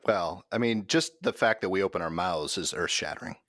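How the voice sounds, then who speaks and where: A man's voice: low-pitched, fairly quick, a bit bright, dry recording, clean studio sound. A man in his forties co-hosting a podcast, bantering playfully with self-mocking jokes. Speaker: podcast co-host. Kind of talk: casual chat.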